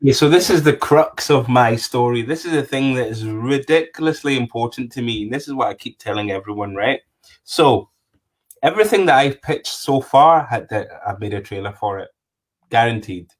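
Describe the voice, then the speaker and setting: A man with a Scottish accent, a filmmaker being interviewed, telling long stories in an animated way with many restarts. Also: mid-range voice, normal speed. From Scotland. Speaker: filmmaker guest. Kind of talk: conversational interview.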